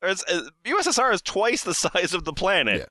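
A young man hosting a comedy podcast, rambling with plenty of ums and giggles. His voice is bright and a bit high, with lively swings. The sound is dry and close. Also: fairly quick, no room sound. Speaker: host. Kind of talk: casual comedy podcast chat.

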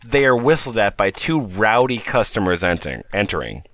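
A man reading out a retail story on a comedy podcast and chatting with his co-hosts, animated and laughing often. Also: lowish voice, brisk, no echo. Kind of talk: casual comedic reading and chat.

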